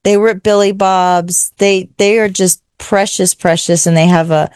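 A woman chatting casually, telling an animated story and gushing over the people in it. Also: medium pitch, moderate pace, clear, resonant tone, no room sound, studio quality. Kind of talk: casual chat.

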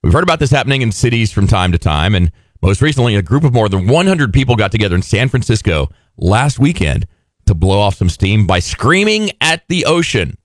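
A man's voice: fairly low pitch, very animated, fairly quick, no room sound, studio quality. A man co-hosting a radio show, chatting casually and joking with a sarcastic edge. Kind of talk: casual on-air chat.

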